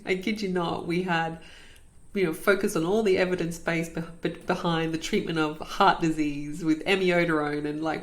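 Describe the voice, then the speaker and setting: A woman, host of a podcast, telling her own story in an earnest, reflective way and repeating phrases for emphasis. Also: fairly low pitch. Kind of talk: personal storytelling.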